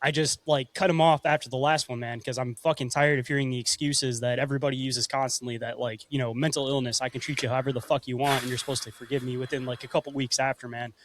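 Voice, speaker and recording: A man's voice: mid-range voice, steady tone, fast talker, hardly any pauses, slight background noise. A man hosting a podcast in casual chat, talking bluntly and swearing casually. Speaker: podcast host.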